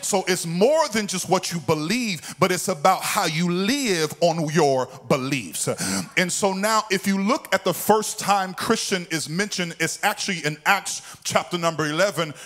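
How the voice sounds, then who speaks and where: A man, a pastor, preaching a sermon to his church. He swings between a sung, climbing preaching cadence and a calm, low teaching voice.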